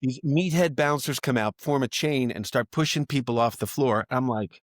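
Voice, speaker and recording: With a medium-pitched voice and a moderate pace, a stand-up comic appearing on a podcast shares a long, casual anecdote. He animatedly voices the people involved, and the clean studio audio carries no room sound.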